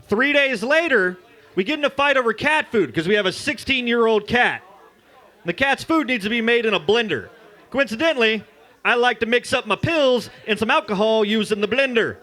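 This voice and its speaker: A man doing a crude, loud stand-up comedy set at an open mic in a bar. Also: very high-pitched, expressive, fairly quick. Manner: crude, loud, jokey storytelling. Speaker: stand-up comic.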